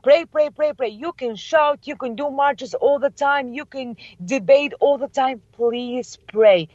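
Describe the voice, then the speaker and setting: A young woman and interview guest whose first language is Chaldean, telling excited stories with many laughs and acted-out quotes. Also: sits high, unhurried, no room sound. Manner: animated, laughs often, acts out quotes. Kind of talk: excited storytelling. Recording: dull lo-fi, dry.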